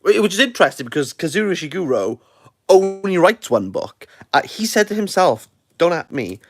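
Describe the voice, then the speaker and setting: Jokey Welsh man with a lively voice. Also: sits high, a little fast, over music. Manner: rambling, jokey, playfully sarcastic. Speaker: book reviewer. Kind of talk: casual livestream chat. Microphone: phone.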